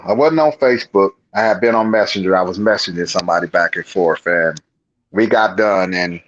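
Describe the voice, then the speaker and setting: A man's voice: fairly low pitch, dull audio. A man, a guest on the show, telling his own encounter in a rambling, colloquial way with frequent restarts. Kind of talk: casual storytelling.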